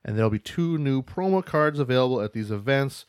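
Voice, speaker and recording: A man's voice: mid-range voice, lively intonation, fairly quick, clean tone, no room sound, studio quality. A man co-hosting a casual podcast, reading out news and events with loose, joking asides and casual swearing. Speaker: podcast co-host.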